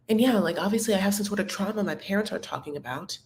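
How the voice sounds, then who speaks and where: A woman's voice: medium pitch, very fast, few pauses, darkish tone, echoey room. A woman hosting a casual live recap chat, rambling and candid, with lots of tangents and filler words. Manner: rambling, chatty, full of "like" and tangents. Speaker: host of a reality TV recap show.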